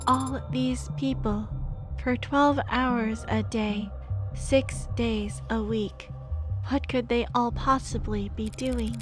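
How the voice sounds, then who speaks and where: A woman's voice: fairly high pitch, steady tone, slow pace, soft background music. A woman voicing a polite android man. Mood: curious. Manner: courteous, curious, formal. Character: polite, earnest male android assistant. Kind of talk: reading a game's lines aloud.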